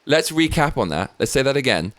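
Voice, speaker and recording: A man's voice: mid-range voice, very animated, a little fast, fairly bright tone, no room sound. A British man hosting his own show, giving blunt, sweary political commentary with rambling asides. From Britain. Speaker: show host.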